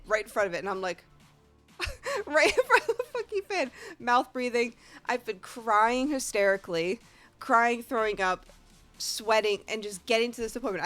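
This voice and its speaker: A woman's voice: medium pitch, a little fast, fairly bright tone, faint music behind. A woman with a Northeast American accent, a streamer telling a rambling, profane story in casual chat. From Northeast United States.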